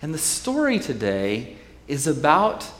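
A man's voice: fairly high pitch, huge pitch swings, measured pace, fairly bright tone, reverberant, in a large hall, a little hiss or hum. A man preaching a sermon in a conversational, wry way, retelling scripture stories. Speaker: pastor.

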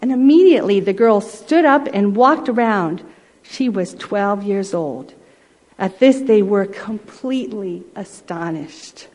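A woman preacher giving a sermon as a story, gentle and often dropping to a soft hush. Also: medium pitch, expressive, unhurried, poor audio.

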